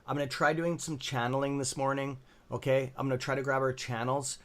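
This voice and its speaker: Canadian male stream host, tired, rambling with ums and restarts, middle pitch. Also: flat delivery, fairly quick, a bit bright. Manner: rambling, many fillers and restarts, reading chat names aloud. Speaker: livestream stock trading host. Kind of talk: casual live-stream commentary.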